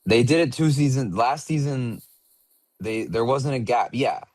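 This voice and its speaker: A young man co-hosting a fan podcast in casual chat, thinking out loud as he goes. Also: mid-range voice, measured pace, no echo. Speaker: podcast co-host.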